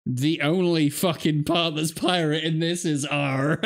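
A man's voice: a little high, steady tone, a little slow. A young English man hosting a reaction video, incredulous and rambling, swearing as he jokes about what he watches. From England. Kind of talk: casual reaction commentary.

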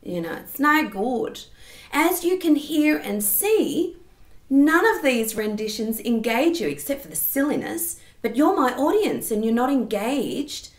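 A woman's voice: high voice, big pitch swings, a little slow, reverberant. A woman giving an online singing lesson, explaining technique and stopping to sing short demonstration phrases. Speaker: singing teacher.

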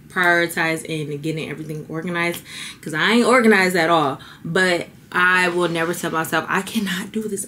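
Young female vlogger, low-pitched, heartfelt and chatty, slightly emotional. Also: a bit bright, slight background noise. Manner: heartfelt, chatty, says y'all. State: a little teary. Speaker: beauty vlogger. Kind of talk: casual vlog talk to camera.

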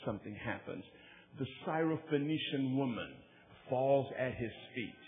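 An emphatic male preacher from the United States delivers a sermon and pushes his listeners to repeat key phrases back to him. His voice sits at an average pitch. The sound is squeezed and tinny, like a phone line. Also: expressive, measured pace. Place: large church meeting. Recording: tinny phone-like live recording.

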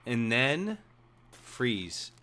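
A young man streaming, chatting casually and joking while he plays, his voice hoarse. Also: medium pitch, very slow. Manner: lively, chatty, jokey. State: hoarse, coughing. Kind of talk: casual chat while gaming.

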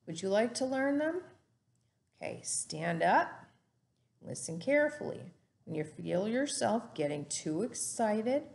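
A woman teacher giving a lesson to young children in a slow, sing-song way. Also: fairly low pitch, gravelly, darkish tone.

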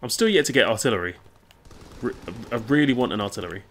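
A man's voice: medium pitch, lively intonation, quick pace, a bit bright. A young man chatting casually and rambling over gameplay, swearing and reacting aloud to the game. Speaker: gaming YouTuber.

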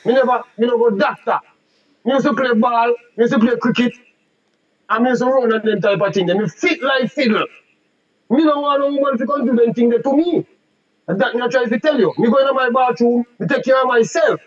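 A very high-pitched man in his forties with a Jamaican accent, boasting and cutting in during a heated debate. His voice comes through a slightly dull, lo-fi recording. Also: a little fast. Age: 40s. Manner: boastful, talks over others in Patois.

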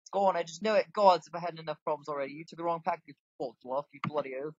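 A man's voice: a little high, fast talker, husky, dry recording, dull audio, pitched above the performer's own voice. A man reading game dialogue in a put-on accent as an exasperated, scolding fantasy character.

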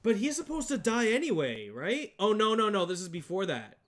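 A man's voice: high-pitched, very animated, fairly quick. A man streaming a game playthrough live, reacting aloud with lots of swearing and repeated exclamations. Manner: profane, exclaiming, repeats himself.

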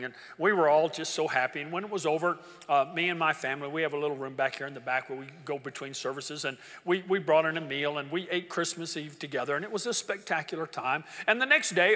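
Older male pastor, bright and forceful, fairly high voice, emotional storytelling in a reverberant church. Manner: emotional storytelling, swinging from hushed to loud. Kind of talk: sermon. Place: large church auditorium. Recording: reverberant church hall with congregation.

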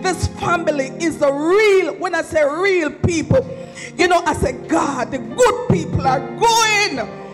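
A woman's voice: very high voice, expressive, slow, over music, low-quality recording. A woman giving an emotional, rambling, heartfelt tribute at a memorial service, near tears at times. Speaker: eulogy speaker at a memorial service.

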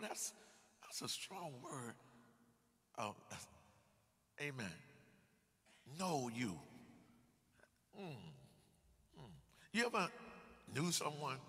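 Animated preacher in an echoey church. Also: male voice, mid-range voice. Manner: dramatic, swinging between loud and hushed, peppered with hallelujahs. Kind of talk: sermon.

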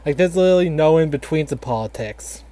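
A man voicing a grandfatherly animatronic fox who tells a satirical history lesson in a halting, filler-heavy ramble. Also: on the high side, expressive, warm tone, dry recording, close to an everyday voice. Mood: rambling. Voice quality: halting, filler-heavy, lots of likes and restarts. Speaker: storyteller grandfather. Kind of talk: casual satirical storytelling.

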